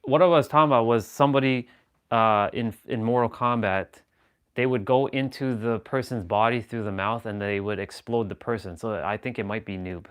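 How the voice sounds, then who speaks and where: A man's voice: mid-range voice, moderate pace, clear, resonant tone. A man chatting casually on a live stream, rambling and joking as he reacts to viewers' comments.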